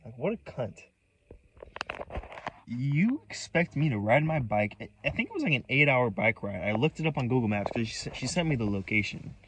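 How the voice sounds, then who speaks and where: A man's voice: medium pitch, big pitch swings, fairly quick, hardly any pauses, fairly bright tone, slight background noise, rough recording. A man telling a personal story in a casual monologue, agitated and profane, rambling with many restarts. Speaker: vlogger.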